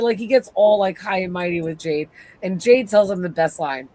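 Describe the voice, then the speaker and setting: A podcast co-host in a casual show recap, retelling scenes with lively acted-out quotes. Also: mid-range voice, normal speed. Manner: animated retelling, acts out quotes.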